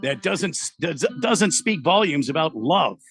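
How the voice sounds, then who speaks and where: A man's voice: fairly high pitch, lively intonation, unhurried, vocal fry, a bit bright, husky. A man co-hosting a radio talk show, chiming in with easygoing, folksy remarks. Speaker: radio co-host. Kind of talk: casual sports radio banter.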